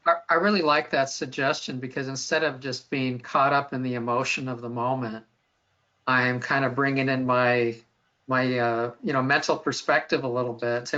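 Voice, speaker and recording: A man's voice: medium pitch, fairly even intonation, normal speed, sharp tone. A man interviewing a guest in a webinar, thinking aloud with restarts and repeated words. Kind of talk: conversational webinar questions. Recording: dull lo-fi webinar audio.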